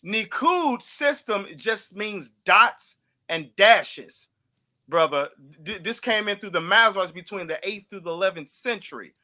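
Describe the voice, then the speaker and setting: A man's voice: high voice, expressive, unhurried, pushed and bright. A man from St. Louis hosting a heated religious debate, pressing his opponent with repeated questions and mocking laughs. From St. Louis, USA. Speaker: podcast host.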